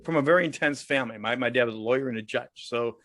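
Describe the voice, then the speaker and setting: A man's voice: medium pitch, fast talker, fairly bright tone, no room sound, clean studio sound. A man guest on a podcast, telling stories in a joking, laughing way. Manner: jokey, laughs often, acts out other people in stories. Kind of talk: casual storytelling interview.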